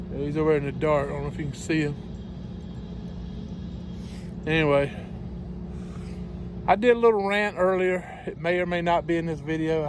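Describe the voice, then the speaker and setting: Chatty trucker ranting. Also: male voice, fairly high pitch, background noise. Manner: exasperated, chatty, laughs often. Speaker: truck driver vlogger. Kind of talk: casual vlog rant. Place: truck cab and loading dock. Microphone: phone camera.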